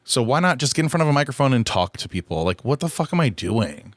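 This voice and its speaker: A man's voice: mid-range voice, sing-song, fast, no room sound, clean studio sound. A man hosting a solo podcast, talking in a rambling, candid and profane way, often poking fun at himself. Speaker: podcast host. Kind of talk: casual solo podcast chat.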